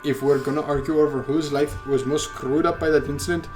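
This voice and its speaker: A man's voice: a little high, fairly even intonation, fairly quick, darkish tone, soft background music, lightly acted. A man voicing a guarded, indignant young woman heir in his own plain voice. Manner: firm and indignant.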